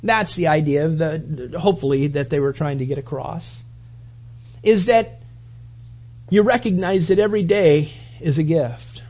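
High-voiced male preacher, rambling sermon. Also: unhurried, long pauses, husky, muffled recording. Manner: conversational, rambling with restarts.

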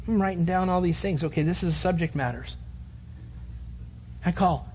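A middle-aged man preaching a humorous sermon, acting out little scenes in quieter voices. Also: high voice, fast, slight background noise. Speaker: pastor. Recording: dull sound with long reverb in a hall.

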